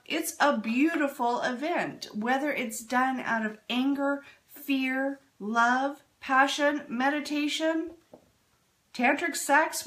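A woman giving a casual, candid talk on spirituality, animated and quick to laugh at herself. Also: high-pitched. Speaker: spiritual speaker.

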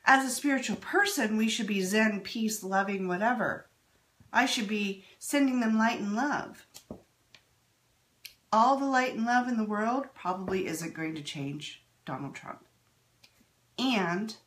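A woman giving a casual, candid talk on spirituality, animated and quick to laugh at herself. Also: mid-range voice. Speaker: spiritual speaker.

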